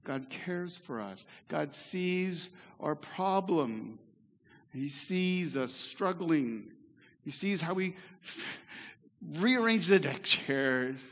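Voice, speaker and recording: A pastor giving a sermon in a church, earnest and conversational, with asides to the congregation. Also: male voice, on the high side, expressive, extremely slow, fairly bright tone. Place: church sanctuary. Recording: echoey hall reverb.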